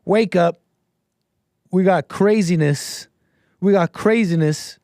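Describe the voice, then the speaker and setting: A man's voice: sits high, slow pace, a little mellow, no room sound, studio quality. A man hosting a casual commentary livestream, sarcastic and often laughing. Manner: sarcastic, keeps breaking into laughter. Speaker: livestream host.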